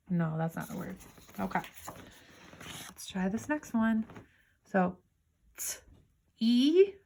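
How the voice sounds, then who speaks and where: Woman, phonics teacher for young kids, patient and encouraging, mid-pitched with a bright edge. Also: creaky. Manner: patient, sounding out words slowly. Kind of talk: remote phonics lesson for young children. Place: home, downstairs room.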